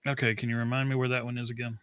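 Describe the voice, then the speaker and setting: A man's voice: mid-range voice, level tone, rapid-fire, a bit bright, smooth, dry recording, rough recording. A man from Texas hosting a casual podcast chat, with brief backchannel replies and wry asides.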